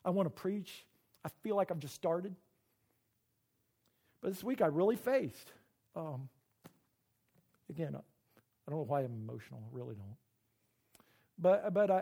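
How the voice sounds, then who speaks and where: A man's voice: on the high side, creaky, mellow, husky. Earnest, emotional man preaching a sermon. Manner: emotional, halting, repeats words; earnest and personal. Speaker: pastor.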